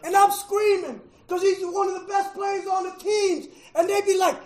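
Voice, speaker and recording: A middle-aged man telling his recovery story to a meeting, emotional, with a preacher-like rhythm, going from hushed to shouting and repeating "man.". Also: very high-pitched, flat delivery, normal speed, echoey room, rough recording. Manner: preacher-like, repeats phrases, says "man" often. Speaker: recovery speaker at a fellowship meeting. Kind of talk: personal testimony to an audience.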